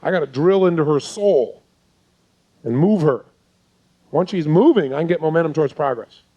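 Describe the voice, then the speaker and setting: Intense man coaching a seminar crowd, slightly high voice. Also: expressive, moderate pace, mellow, lo-fi sound. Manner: intense, fires rhetorical questions at the audience. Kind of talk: live seminar teaching.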